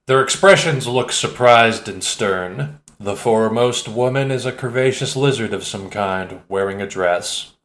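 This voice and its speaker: A man reading an audiobook in a steady, measured narration. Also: on the low side, echoey room. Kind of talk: scripted narration.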